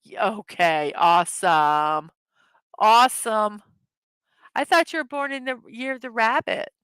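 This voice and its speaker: A woman's voice: medium pitch, a little slow, fairly bright tone, smooth, no echo. A woman hosting a casual morning livestream, chatting loosely, laughing easily at her own jokes and correcting herself mid-sentence. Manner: rambling, self-correcting. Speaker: livestream host.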